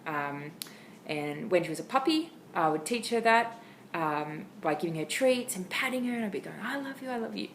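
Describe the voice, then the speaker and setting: A woman with an Australian accent casually sharing dog training tips at home, chatty and expressive with lots of ums. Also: low-pitched, moderate pace, slight background noise, poor audio. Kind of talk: casual how-to talk to camera. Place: home, indoors.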